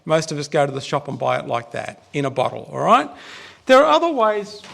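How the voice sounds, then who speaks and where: A man's voice: fairly high pitch, very animated, brisk, gravelly, a bit bright. A man with an Australian accent preaching a casual, chatty sermon in a church, joking with the congregation.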